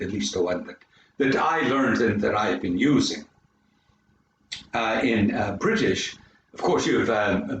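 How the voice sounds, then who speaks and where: A Canadian man coaching public speaking, talking dramatically and swooping widely in pitch. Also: expressive, a little slow, slight background noise. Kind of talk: presentation to an audience. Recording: very echoey room, mic far off.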